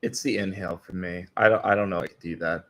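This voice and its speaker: A man casually reacting to videos and chatting with viewers in a playful, animated way. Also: low-pitched, fast talker, noisy background.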